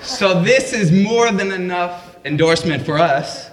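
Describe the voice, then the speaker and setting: A man spins a funny personal story live, wry and self-deprecating, in a fairly high voice at a relaxed, unhurried pace. His voice carries through an echoey room with faint background noise. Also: distant mic, over a noisy crowd. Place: live event at a public library.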